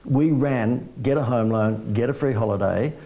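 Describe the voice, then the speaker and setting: A man's voice: medium pitch, normal speed, warm tone. An Australian man, a marketing guest, telling punchy salesman-like stories in a business interview.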